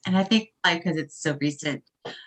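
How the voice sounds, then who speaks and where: A woman's voice: fairly low pitch, fairly quick. A woman guest in a casual interview, speaking candidly and emotionally, with laughs and sighs. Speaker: interview guest, coaching client.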